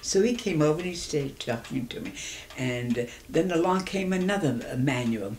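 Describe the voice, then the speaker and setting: A woman in her eighties reminiscing in an oral history interview, telling her stories in a lively way and acting out the dialogue. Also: low-pitched, moderate pace, slight background noise. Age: 80s. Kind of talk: reminiscing storytelling.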